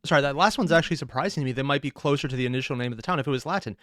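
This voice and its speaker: A man's voice: mid-range voice, racing, fairly bright tone, dry recording, clean studio sound. A man in his thirties hosting a reaction video, chatting casually with self-mocking asides. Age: 30s. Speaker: reaction channel host.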